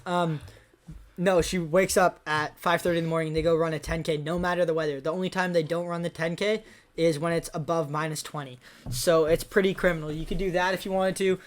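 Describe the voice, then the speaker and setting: Laid-back young male podcast host. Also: a little high. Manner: laid-back, upbeat, reads listener questions. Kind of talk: casual chat.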